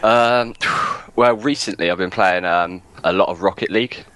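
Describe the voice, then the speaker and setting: A man chatting casually as a podcast co-host, laid-back and meandering with many pauses. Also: low voice, fairly bright tone, dry recording. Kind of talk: casual chat.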